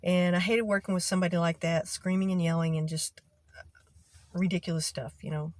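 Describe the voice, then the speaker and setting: Low-voiced woman telling a work story. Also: fairly even intonation, brisk, darkish tone, dry recording. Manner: exasperated, acts out quoted voices. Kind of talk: casual storytelling to camera.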